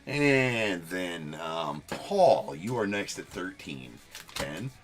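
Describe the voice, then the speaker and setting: Speaking extremely slowly against soft background music, this young man runs a live card break stream and chats casually with his viewers. He's loose and self-deprecating, drops the occasional swear, and his voice leaps higher when excitement hits.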